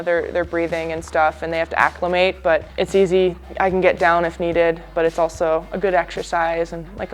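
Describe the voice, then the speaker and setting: A young woman from California in a relaxed, chatty interview, full of "you know"s. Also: lowish voice, slight background noise. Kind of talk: casual interview talk. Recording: faint music underneath.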